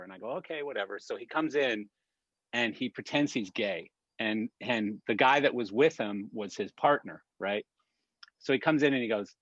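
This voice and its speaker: Laughing and cursing, a man who regularly joins a weekly industry chat tells anecdotes in casual conversation on a video call. His voice is medium in pitch and a bit bright, at a normal speed. The call audio comes through dull and dry, without echo.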